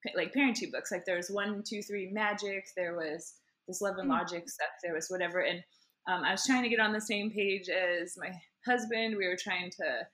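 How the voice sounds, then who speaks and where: A woman's voice: on the low side, moderate pace, a bit bright. A woman in her thirties chatting as a podcast guest, rambling and giggly with many fillers. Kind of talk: casual chat.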